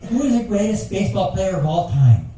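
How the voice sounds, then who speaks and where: In a ship's lounge at a passenger talent show, an older man does folksy stand-up jokes with rambling asides. His voice is mellow and dark yet high, sing-song and brisk, with slight background noise. It was captured from far off in an echoey room.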